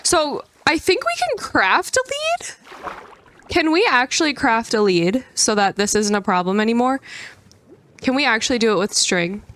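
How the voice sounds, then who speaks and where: A young adult woman giving gameplay commentary, excitable and prone to squealing outbursts. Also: a little high, moderate pace. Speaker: gaming creator.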